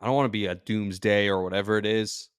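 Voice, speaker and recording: A man's voice: fairly low pitch, fairly even intonation, quick pace, clear, resonant tone, no room sound, clean studio sound. A man hosting a sports podcast, talking in an emotional, rambling way that jumps between thoughts and sounds drained. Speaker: podcast host and sports radio personality.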